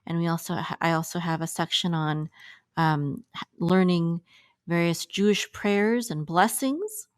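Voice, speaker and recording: A woman's voice: lowish voice, measured pace, no echo, clean studio sound. A woman teacher chatting through an outro about her lessons, thinking aloud as she goes. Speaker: teacher promoting her website. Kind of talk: casual outro announcement.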